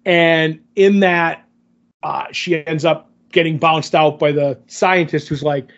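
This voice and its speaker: A man's voice: fairly high pitch, fairly even intonation, takes it slowly, creaky, lo-fi sound. A man casually recapping a TV episode in a loose, rambling way, full of fillers. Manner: rambling, filler-heavy retelling. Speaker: podcast co-host.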